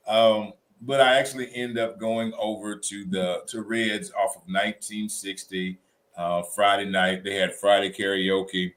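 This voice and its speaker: A man co-hosting a casual chat show, telling weekend stories in an animated, colloquial way. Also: lowish voice, measured pace. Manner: animated storytelling, Southern colloquial. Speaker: co-host.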